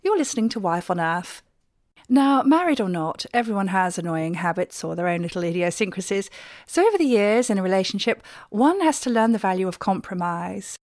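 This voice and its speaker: A woman hosting a comic radio show and delivering arch, deadpan monologues. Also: medium pitch, fairly quick, no room sound, clean studio sound. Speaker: radio host.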